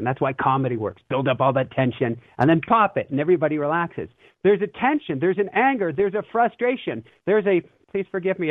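An earnest man, reflective and given to easy laughter, with a slightly high voice. His sound is dry and squeezed into a thin, phone-like band. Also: no room sound. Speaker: guest. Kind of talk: casual spiritual talk. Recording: tinny phone-line sound.

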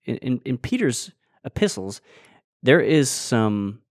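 A man's voice: medium pitch, very animated, slow, no echo, clean studio sound. A man co-hosting a casual faith discussion, earnestly explaining scripture passages. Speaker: podcast co-host.

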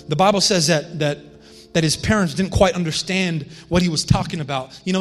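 A man's voice: high-pitched, fairly bright tone. A man preaching a sermon as a pastor, in a conversational manner with frequent restarts and asides.

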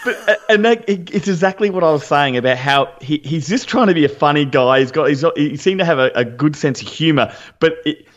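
A man's voice: on the high side, a little fast, hardly any pauses, dull audio. An Australian man co-hosting a podcast, chatting enthusiastically about a reality show and often restarting his sentences. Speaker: podcast co-host. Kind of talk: casual reality-show recap chat.

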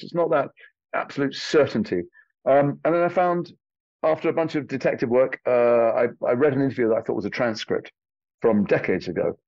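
In an interview conversation, an English actor with Liverpool and London accents spins animated stories and drops casual swear words. His voice is mid-range and a little mellow. There's no room sound, and the high frequencies are cut off.

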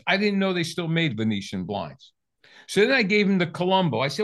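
An older man with a slightly high voice tells a sales story as a guest. He acts out every line of dialogue with energy, and his pitch jumps up and down. The sound is clear and close, like a podcast interview. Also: a little fast. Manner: lively storyteller, acts out both sides of dialogue.

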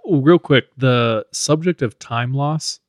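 A man of ordinary pitch talks through his thoughts in a casual podcast chat, restarting phrases and adding emphatic asides. His voice sits close and dry, with no room sound. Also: slow pace, no echo. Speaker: podcast co-host.

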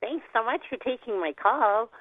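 A woman's voice: a little high, expressive, normal speed, no room sound. Emotional woman caller on a phone line. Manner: emotional, bashful, laughs nervously.

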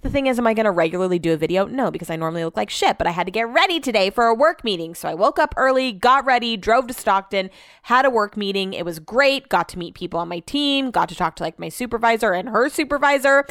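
A woman's voice: fairly high pitch, animated, quick pace, a bit bright, no echo, clean studio sound. Rambling, profane woman podcaster. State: sore and tired. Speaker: podcast host and radio host. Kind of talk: casual solo podcast monologue.

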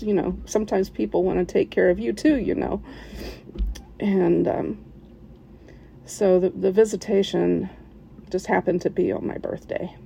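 A woman sharing an emotional personal story, halting at times, with fillers, restarts and soft laughs. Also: lowish voice, creaky, slightly rough.

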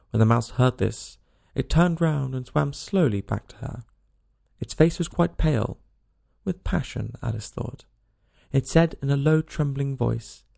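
Gravelly man reading a storybook. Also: mid-range voice, moderate pace. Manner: expressive, lilting storytelling. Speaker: narrator.

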